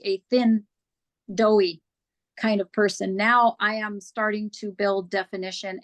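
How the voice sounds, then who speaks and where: A woman's voice: mid-range voice, a bit bright. A woman guest on an interview show, telling her personal story in a candid, earnest way and acting out past conversations.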